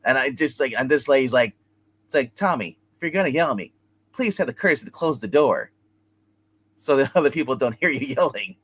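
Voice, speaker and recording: A man co-hosting a casual TV review chat, excitedly retelling scenes with lots of fillers. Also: medium pitch, brisk, breathy edge, no echo. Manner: animated retelling, acting out scenes, many fillers. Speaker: co-host reviewing a TV episode.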